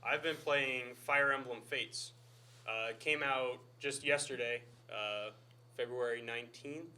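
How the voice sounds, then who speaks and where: A man's voice: medium pitch, fairly even intonation, unhurried, bright, forceful tone. A young man chatting casually as a podcast co-host, easygoing and enthusiastic. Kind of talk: casual chat.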